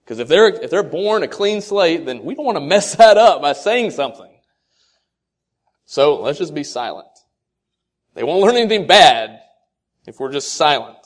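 A man giving a sermon-style talk to fathers, asking rhetorical questions and quoting scripture, his delivery swinging between soft and loud. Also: on the high side, big pitch swings, moderate pace, long pauses. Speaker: speaker addressing fathers.

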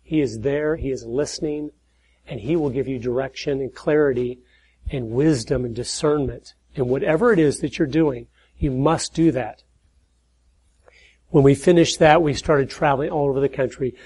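A middle-aged man giving an earnest preaching talk, telling stories and building to emphatic points before dropping his voice low. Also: moderate pace, darkish tone, husky, rough recording. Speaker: speaker at church and conservative conferences.

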